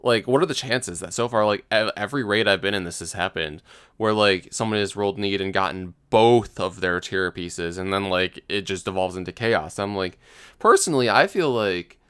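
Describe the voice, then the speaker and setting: Smooth low-voiced man rambling casually. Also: normal speed, fairly bright tone, no echo, studio quality. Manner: rambling, heavy use of "like". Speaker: podcast co-host. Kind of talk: casual gaming chat.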